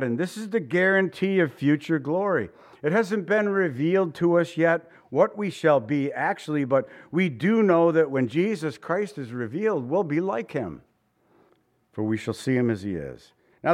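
A male pastor preaching a conversational sermon, mixing quips with scripture reading. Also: on the high side.

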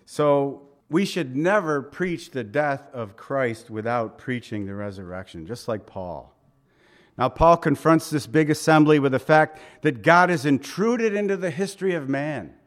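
A man's voice: a little high, animated, measured pace. A middle-aged man preaching a conversational sermon, asking rhetorical questions and voicing quotes dramatically. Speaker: pastor.

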